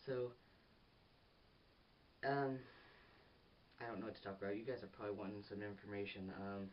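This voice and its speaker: This teenage movie reviewer has a lowish voice, a moderate pace, and frequent pauses as he excitedly rambles, restarting lines and losing his thread. The review is casual. He's set back from the mic in a dull, lo-fi recording with faint underlying hiss.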